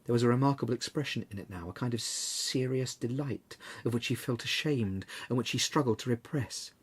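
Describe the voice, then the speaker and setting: A man narrating a classic story aloud in a measured, expressive way, with a husky voice. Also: mid-range voice. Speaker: reader.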